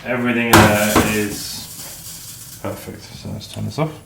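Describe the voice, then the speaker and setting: A man's voice: fairly low pitch, little pitch movement, unhurried, creaky, very noisy. A man chatting casually and swearing freely while cooking in his kitchen, talking through his day as a musician. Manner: chatty, sweary, self-deprecating. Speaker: musician vlogger. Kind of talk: casual rambling vlog. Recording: echoey kitchen with faint clatter.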